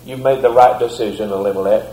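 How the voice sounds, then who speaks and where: A man preaching who voices a loyal wife, speaking softly and hesitantly as she agrees with her husband. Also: on the low side, fairly even intonation, quick pace, a little hiss or hum, pitched below the performer's own voice, natural voice. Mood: gentle. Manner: soft, gentle, hesitant. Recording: echoey room.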